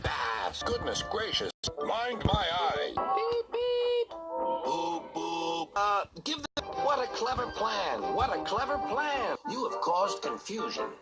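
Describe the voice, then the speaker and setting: A man voicing a cast of fussy, cheeky toy train engines for a children's storybook series, jumping between squeaky and gruff voices. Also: huge pitch swings, slow, exaggerated voice, rough recording. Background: music.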